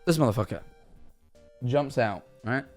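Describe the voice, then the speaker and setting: A man's voice: medium pitch, lively intonation, measured pace, faint music behind. A young man chatting on a live stream, rambling through absurd hypotheticals and answering his chat. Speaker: livestreamer.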